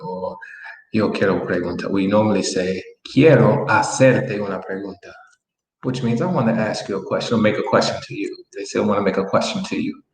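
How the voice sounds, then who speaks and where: Male language teacher, relaxed and repetitive, deeper voice, roomy recording. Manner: relaxed, repeats phrases slowly while writing on a board. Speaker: Spanish teacher. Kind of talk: online language lesson. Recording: echoey room with faint noise.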